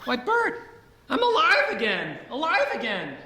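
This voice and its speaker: A man's voice: very high-pitched, huge pitch swings, a little slow, sharp tone, full character voice. A man playing a desperate family man in an amateur church stage play, pleading and then overjoyed. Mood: elated. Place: church hall. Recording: echoey hall with faint music.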